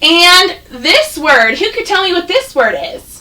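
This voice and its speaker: Bright, high-voiced teacher speaking slowly. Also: female voice, sing-song, far from the mic, poor audio. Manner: patient, encouraging, sounds words out slowly. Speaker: first grade teacher. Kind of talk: online phonics lesson for young children.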